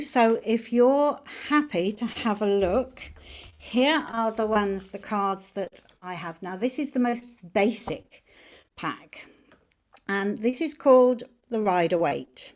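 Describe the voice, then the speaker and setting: Brief: woman tarot teacher, casual and warm in manner, talking through cards. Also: mid-range voice, slow. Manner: friendly, chatty, explaining cards as she shows them. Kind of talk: informal teaching on camera.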